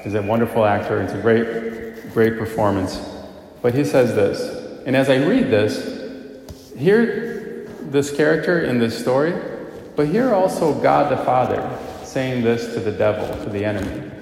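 A man's voice: mid-range voice, lively intonation, unhurried, long pauses, darkish tone. A man preaching a sermon, telling a story earnestly and posing rhetorical questions to the congregation. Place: church. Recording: echoey church hall.

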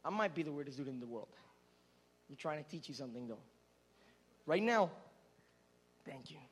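A man's voice: a little high, animated, normal speed. A man preaching as a youth pastor, retelling a story dramatically with lots of repetition. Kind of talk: sermon.

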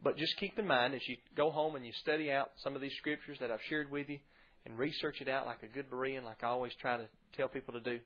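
A man preaching a sermon, reading scripture aloud with earnest emphasis and swelling loudly on key passages. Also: mid-range voice, fairly even intonation, fast, muffled recording. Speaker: pastor.

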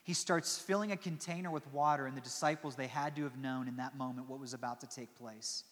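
A man preaching a sermon, telling the story dramatically, dropping into soft, slow passages and adding joking asides. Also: medium pitch, steady tone. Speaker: pastor. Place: church. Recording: long church reverb.

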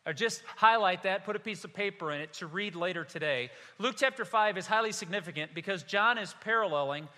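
A man with a high, bright and forceful voice preaches to his congregation, telling a story with humor and acting out the lines. His voice rings through a church hall with a long reverb. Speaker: pastor. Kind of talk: sermon. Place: church sanctuary.

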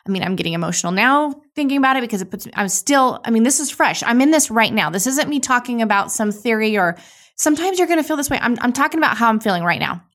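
A woman in her thirties hosting a podcast, talking candidly and emotionally in a raw, halting way with frequent restarts. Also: fairly high pitch, lively intonation, a bit bright. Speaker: podcast host. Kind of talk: candid solo podcast monologue.

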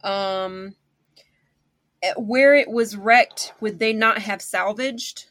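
A woman's voice: mid-range voice, slow, fairly bright tone, no echo. A woman playing a tabletop game, asking questions casually with a hesitant start.

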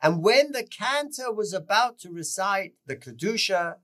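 Man, slightly high voice, storytelling lecture, lively pitch and loudness swings. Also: unhurried. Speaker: teacher of Jewish history.

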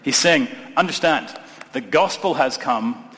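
A man's voice: medium pitch, expressive, measured pace, a bit bright. A man with a Scottish accent, a pastor giving a sermon in a conversational, lightly humorous way. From Scotland. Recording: long reverb of a large hall.

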